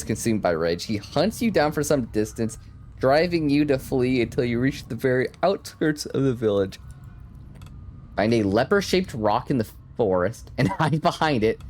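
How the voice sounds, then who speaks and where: A man's voice: mid-range voice, darkish tone, a little hiss or hum. A man playing a game on his channel, reading the story text dramatically and breaking off into profane joking asides. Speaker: gaming creator. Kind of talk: gameplay commentary, reading story text aloud.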